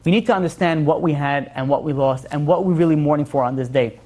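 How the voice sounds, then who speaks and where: A man's voice: fairly high pitch, fast, a little mellow. A male rabbi giving an informal class, earnest and repeating his phrases for emphasis.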